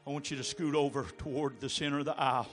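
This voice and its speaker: A man preaching an altar call, pleading and swinging from low murmurs to shouted appeals. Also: fairly even intonation, fast, faint music behind. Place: church sanctuary.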